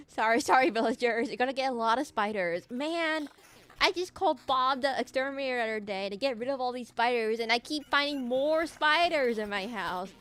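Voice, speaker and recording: A woman's voice: sits high, brisk, a bit bright. A woman streaming a game, rambling goofily with frequent laughs and hummed snippets. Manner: goofy, rambling, giggly, hums and sings snippets. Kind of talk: casual gameplay commentary.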